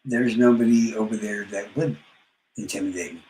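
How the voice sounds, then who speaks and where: A man's voice: lowish voice, moderate pace, mellow, roomy sound, low-quality recording. A man trash-talking rivals on a live stream, boastful and profane, his words often trailing off into mumbles. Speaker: livestreamer.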